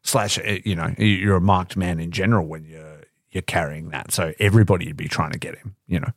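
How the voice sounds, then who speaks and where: Low husky guy co-hosting a podcast, laid-back, swears a lot. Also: steady tone, a little fast, no echo, studio quality. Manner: profane, laid-back, laughs easily. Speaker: podcast co-host. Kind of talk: casual wrestling chat.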